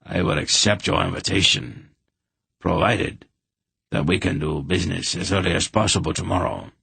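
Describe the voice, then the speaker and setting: A man's voice: low-pitched, moderate pace, gravelly, bright, forceful tone, husky, dry recording, full character voice. A man doing a cold, heavily accented merchant. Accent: heavy foreign accent. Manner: curt, cold. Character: cold scar-faced foreign merchant man.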